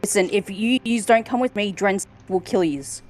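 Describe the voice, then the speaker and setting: A woman voicing a panicky male spacer who pleads with a friend in a high, strained voice. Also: moderate pace, soft background music, natural voice. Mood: pleading.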